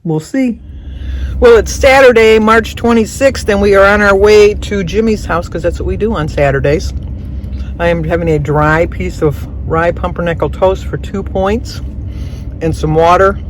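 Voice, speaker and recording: A woman in her seventies chatting casually as she films her day, self-deprecating and quick to laugh. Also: medium pitch. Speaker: vlogger. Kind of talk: casual chat. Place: in a truck and outdoors. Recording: noisy phone video.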